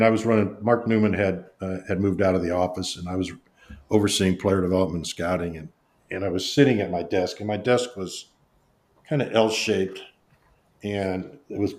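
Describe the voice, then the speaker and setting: A man's voice: low-pitched, a little mellow. An older man, a former baseball executive, telling long rambling stories in a podcast interview and acting out the quotes. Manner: rambling anecdotes with restarts and acted-out quotes.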